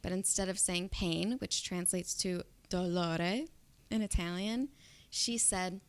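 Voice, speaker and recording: A woman's voice: on the low side, slow pace. A woman co-hosting a podcast, chatting casually and telling funny stories with frequent laughter. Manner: animated storyteller, laughing often. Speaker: podcast co-host. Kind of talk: casual chat.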